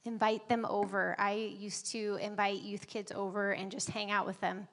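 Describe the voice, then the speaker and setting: Woman, 30s, church speaker; relaxed anecdotal delivery, frequent laughs and fillers. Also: medium pitch, normal speed, long reverb tail. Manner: chatty and conversational, laughs often, many fillers. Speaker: guest speaker at a church service. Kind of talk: personal stories in a church message. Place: church sanctuary.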